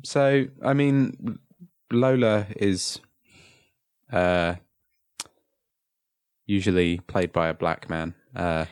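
A man with a very low voice chats casually on a podcast. He talks haltingly, full of "uh"s and restarts. The sound is close and dry. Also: fairly even intonation, darkish tone, clear, resonant tone, no room sound. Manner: hesitant, many "uh"s and restarts. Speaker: podcast co-host. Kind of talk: casual chat.

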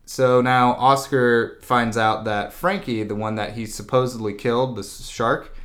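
A young man talks in a loose, rambling way while recapping a story. His voice sits at an everyday middle pitch, and he drops into brief goofy impressions of the characters, with "like" in nearly every sentence. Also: steady tone, a bit bright. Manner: rambling, lots of "like", slips into quick silly character voices. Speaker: co-host recapping a film. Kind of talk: casual chat.

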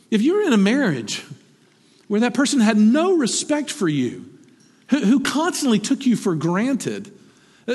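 A man preaching a sermon as pastor, animated and emphatic, swinging from high peaks down to low, quiet asides. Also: husky. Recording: long hall reverb.

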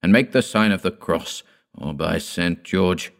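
A man's voice: low-pitched, measured pace. A man voicing a grim adult village father from a storybook, firm and commanding. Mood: furious. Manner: firm, commanding, rising to fury.

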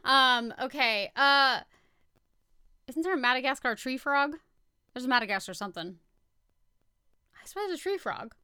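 A woman co-hosting a podcast, chatting casually through a word game, giggling and quickly correcting herself. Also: sits high, animated, pushed and bright, clear, resonant tone, no echo, studio quality. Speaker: podcast co-host.

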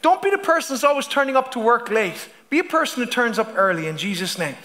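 A man's voice: very high-pitched, big pitch swings, quick pace, pushed and bright. A man preaching a sermon as pastor, stumbling over restarts and asking the congregation "amen?" as he reads scripture.

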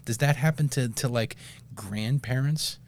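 A man's voice: mid-range voice, measured pace. A middle-aged man in casual chat, rambling and profane, laughing at his own jokes.

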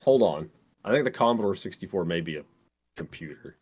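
A man's voice: low-pitched, expressive, brisk, a little mellow, breathy edge. A man co-hosting a film podcast, chatting casually with joking, teasing asides. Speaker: podcast co-host. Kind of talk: casual film-review chat.

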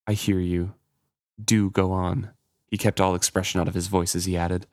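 A man's voice: low-pitched, steady tone, moderate pace, no echo, studio quality. A man casually retelling the plot of a novel, reading passages aloud and paraphrasing with loose fillers. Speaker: book discussion podcaster.

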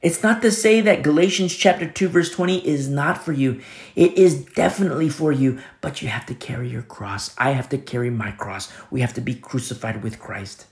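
A man preaching a sermon as pastor, earnest and repetitive, often dropping to a soft hush. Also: medium pitch, moderate pace, echoey room.

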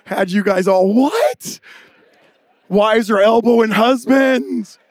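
A male pastor preaches in a relaxed, joking storytelling way. His voice is high for a man and recorded dry and close. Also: a little slow, dry recording. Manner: casual storytelling, humorous. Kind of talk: sermon.

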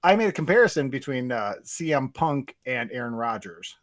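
A man co-hosts a laid-back sports podcast at an ordinary pitch for a man. He rambles and talks in an animated way, stacking fillers and restarts. He is heard on a podcast mic. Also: moderate pace, no echo. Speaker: podcast co-host. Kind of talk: casual sports chat.

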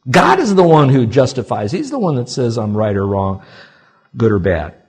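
A man preaching a sermon in a church, with animated swings from quiet, intimate remarks to loud emphatic lines. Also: medium pitch, normal speed, husky. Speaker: pastor.

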